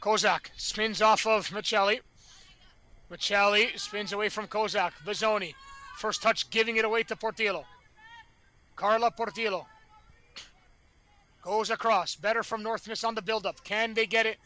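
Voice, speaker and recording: A man calling a live match play-by-play, excitable and rising to shouts at big chances, with colorful catchphrases. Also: high-pitched, moderate pace, pauses often, faint music behind. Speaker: play-by-play commentator. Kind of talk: live sports commentary.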